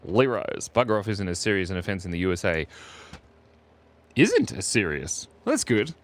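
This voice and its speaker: A man's voice: sits low, fast talker, a little hiss or hum. An Australian man chatting playfully with viewers while drawing on a live stream.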